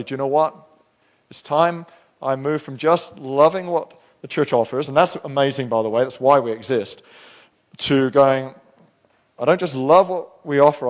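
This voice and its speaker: In church, a middle-aged pastor delivers his sermon in a mid-range voice. He talks conversationally, telling stories and often starting his sentences over.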